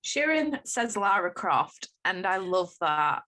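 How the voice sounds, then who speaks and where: A woman co-hosting a podcast, talking in a chatty, enthusiastic way with quick laughs. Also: medium pitch, big pitch swings, pushed and bright. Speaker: podcast co-host. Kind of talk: casual chat.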